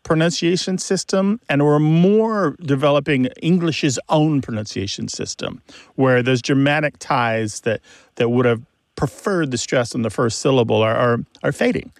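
A man with a gravelly edge to his voice explains language points with eager enthusiasm. His voice is close and dry in a studio, and he talks like a host on a call-in show. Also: mid-range voice, moderate pace, no echo. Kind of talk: explanatory radio talk.

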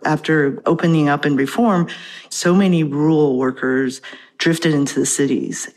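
Articulate woman academic on a remote line. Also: low voice. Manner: articulate, explanatory, reads poetry aloud. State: out of breath. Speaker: professor and translator, guest. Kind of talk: interview over remote line.

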